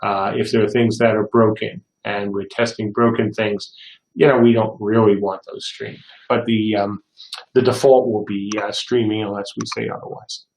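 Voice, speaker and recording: A man's voice: on the low side, level tone, moderate pace, a little mellow. An older man hosting a casual livestream Q&A, reading viewer questions aloud and answering with rambling anecdotes. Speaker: game studio head hosting a livestream. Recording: roomy echo.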